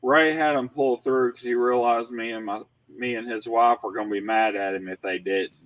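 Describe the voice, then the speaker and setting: A man co-hosts a live cigar stream in an easy middle-range voice. He keeps up teasing, joking banter with the host, in relaxed conversation. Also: medium pitch, normal speed, no room sound, low-quality recording. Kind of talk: casual live-stream chat.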